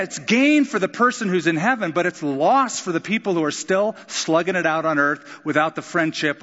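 A pastor preaching a sermon, vivid and expressive, acting out quotes with sudden jumps in pitch. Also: male voice, long reverb tail, lo-fi sound.

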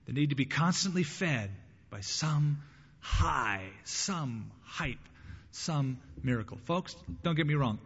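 A man delivers a sermon with husky warmth, his voice a touch higher than most men's. He drops to quiet asides, then rises into loud, emphatic bursts. The sound is dull and lo-fi, with a long church reverb trailing his words. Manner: preaching with rising bursts and acted quotes. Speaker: pastor.

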